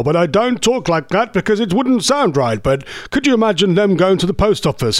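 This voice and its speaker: Middle-aged man, radio DJ, high lively voice, rambling, self-mocking, dry studio sound. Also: brisk, hardly any pauses, no echo. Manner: rambling, chatty, self-mocking, laughs at own jokes. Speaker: radio host. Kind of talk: casual radio DJ chat.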